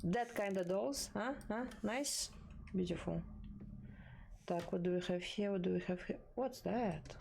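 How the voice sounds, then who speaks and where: A woman comments on a horror game at a leisurely pace, chatting to the characters and her audience. Her tone is bemused and conversational. A steady wash of game ambience sits clearly behind her voice. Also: mid-range voice, a little slow, slight background noise. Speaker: gaming streamer.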